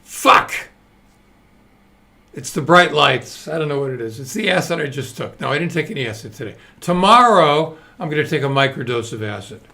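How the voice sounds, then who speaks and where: A man's voice: fairly high pitch, lively intonation, quick pace, creaky, hardly any pauses, pushed and bright. A man in his seventies hosting a live stream, talking in a loose, digressive, self-mocking way and swearing now and then. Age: 70s. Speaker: host. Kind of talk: rambling live-stream monologue.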